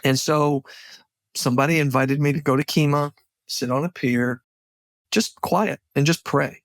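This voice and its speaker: A man's voice: a little high, fairly even intonation, unhurried, dry recording. A man as a podcast guest, telling his personal story in a heartfelt, candid way, close to the mic. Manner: heartfelt, candid, faith-driven.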